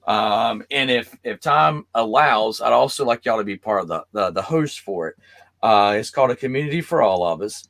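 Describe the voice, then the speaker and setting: A man hosting a relaxed online call with a gravelly, creaky voice. His pitch swings widely as he rambles and laughs along with his guests. He sounds like he is talking over a video call. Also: normal speed. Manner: animated, laughs often, rambling. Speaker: host. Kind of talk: casual video-call chat.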